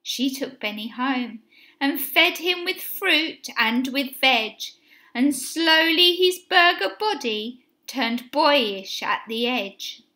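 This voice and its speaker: Slow, lively woman reading a storybook. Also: sits high. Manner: expressive, sing-song storytelling. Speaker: teacher reading a picture book. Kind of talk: storybook read-aloud.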